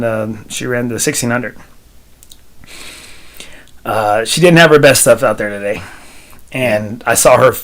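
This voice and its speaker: A middle-aged man from South Texas chats on a podcast in a casual, animated way. He tells stories at length and keeps repeating "I said" as he goes. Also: medium pitch. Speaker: podcast host.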